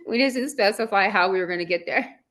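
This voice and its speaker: A woman's voice: medium pitch, fast, fairly bright tone. A woman from Southern California with a valley girl accent, hosting a casual online chat, bubbly and chatty, laughing often. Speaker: host.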